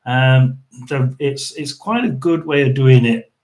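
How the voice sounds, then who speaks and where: A man hosting a tarot and paranormal live stream, chatting casually, rambling with lots of restarts and throat-clearing. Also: medium pitch, unhurried, darkish tone. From United Kingdom.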